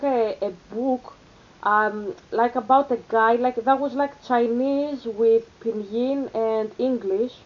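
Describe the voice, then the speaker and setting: A woman's voice: fairly high pitch, muffled recording, slight background noise. A young woman with an Athenian Greek accent, chatting casually in a vlog with many fillers and restarts. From Greece. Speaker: vlogger. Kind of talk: rambling casual vlog chat.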